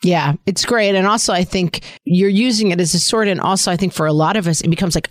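Lively joking woman co-host. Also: fairly low pitch, a little fast, hardly any pauses, dry recording, clean studio sound. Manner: animated, joking. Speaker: podcast co-host. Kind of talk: casual chat.

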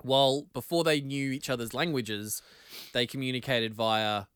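A man's voice: medium pitch, steady tone, unhurried, a bit bright, clean tone, dry recording. A man co-hosting a podcast, chatting casually with restarts and frequent laughs. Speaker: podcast co-host. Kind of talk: casual chat.

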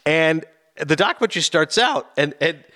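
A man's voice: a little high, normal speed. A man chatting casually as a film reviewer, animatedly acting out scenes. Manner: animated, acts out scenes with quoted voices. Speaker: film reviewer on a talk show. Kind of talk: casual chat.

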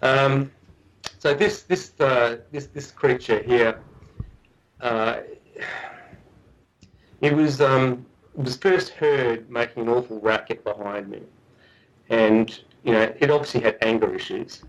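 A man's voice: mid-range voice, takes it slowly, pauses often, low-quality recording. A middle-aged man, a guest researcher, telling a story in a podcast interview, earnest and often restarting and repeating his words. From Australia.

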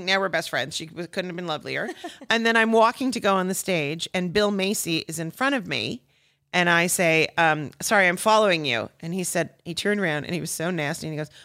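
Comedian guest, female, lowish voice, animated storyteller, laughs through her stories. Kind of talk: casual storytelling chat.

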